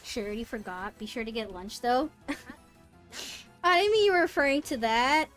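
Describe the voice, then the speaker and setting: Her voice is high and a bit bright, with lively intonation and a measured pace, as she swears freely through casual live-stream chat while gaming. She swings between mumbling under her breath and yelping in disbelief, with faint music underneath.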